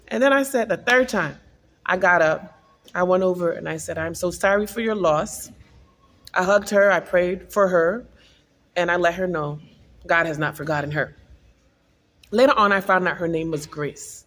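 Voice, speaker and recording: A woman's voice: lowish voice, normal speed, long reverb tail. A woman vlogger earnestly telling an emotional personal spiritual testimony.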